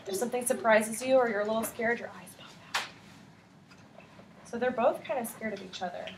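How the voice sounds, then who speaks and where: A female teacher animatedly reads a picture book aloud to her class and quizzes the children as she goes. She speaks fairly quickly in a somewhat high voice, and background noise can be heard.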